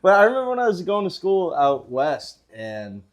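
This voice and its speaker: A man's voice: high-pitched, big pitch swings. A man from central Massachusetts hosting a podcast, asking curious questions in casual chat. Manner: curious, quick to ask questions. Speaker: podcast host.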